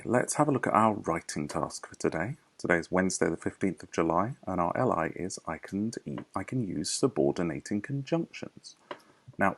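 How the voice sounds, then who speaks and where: A man teaching a recorded primary school English lesson, explaining tasks patiently and clearly. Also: deep voice.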